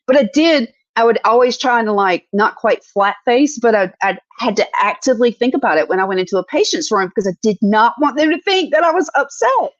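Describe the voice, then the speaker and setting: A woman's voice: on the high side, lively intonation, a little fast, hardly any pauses, no room sound. A middle-aged woman, co-hosting a casual chat and telling stories with acted-out quotes. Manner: earnest, storytelling with acted-out quotes. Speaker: podcast co-host. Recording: dull, dry sound.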